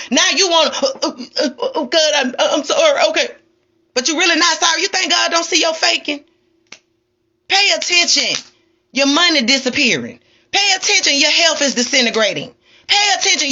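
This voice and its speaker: Woman, spiritual streamer, sassy and preachy, lively swooping delivery. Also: on the high side, highs cut off. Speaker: spiritual livestreamer. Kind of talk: ranting livestream monologue.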